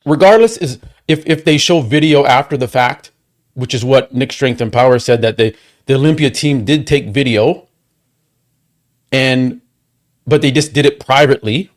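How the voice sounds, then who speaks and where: A man with a slightly high voice hosts a live stream from his desk microphone, talking straight into it. He rants with heavy profanity, repeating himself and firing rhetorical questions one after another. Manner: profane, heated, rapid repetitions and rhetorical questions. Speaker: livestream host. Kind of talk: angry watchalong rant.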